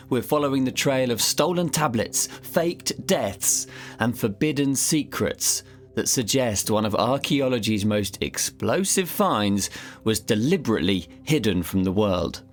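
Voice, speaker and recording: A man narrating a scripted historical mystery in a suspenseful, vivid storytelling manner. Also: mid-range voice.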